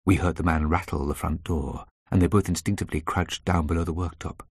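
A man narrating a story in a measured, tense way. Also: sits low, fairly even intonation, creaky, breathy edge, no room sound, studio quality. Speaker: audiobook narrator. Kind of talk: scripted narration.

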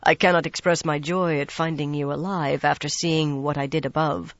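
Narrator putting on a deep-voiced, polished man from an audiobook, smooth and coolly menacing. The read sits close and dry with little room around it. The sound is somewhat dull and lo-fi. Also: fairly even intonation, moderate pace, no room sound, natural voice. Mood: smooth, wary.

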